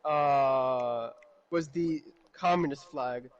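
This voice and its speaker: A man's voice: medium pitch, drawn-out words, muffled recording. A man chatting casually on a stream, telling a story animatedly and laughing often. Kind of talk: casual chat.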